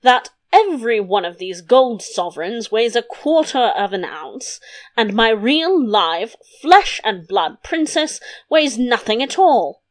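A woman voicing a grumpy, pompous king who blusters and bickers, in a slightly lower version of her own voice. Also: very animated, slow pace. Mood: grumbling, bickering. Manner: gruff, blustering. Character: grumpy, pompous middle-aged king who hates puns.

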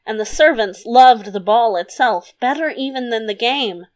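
A woman narrates a fairy-tale chapter from an audiobook at an unhurried pace. Her slightly high voice remains gentle and even throughout the storybook reading.

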